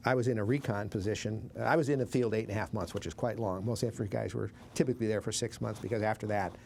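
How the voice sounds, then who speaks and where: An older man from Montana telling war memories in an interview, in a halting, plain-spoken way with many restarts. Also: lowish voice, fairly even intonation, vocal fry, a little mellow, a little hiss or hum. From Montana, USA. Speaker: veteran recounting war memories. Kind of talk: oral history interview.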